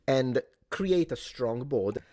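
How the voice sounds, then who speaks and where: A man's voice: mid-range voice, lively intonation, slow pace, darkish tone, no room sound, studio quality. Opinionated male co-host reading news. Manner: opinionated, indignant commentary. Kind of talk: reading news aloud and commenting.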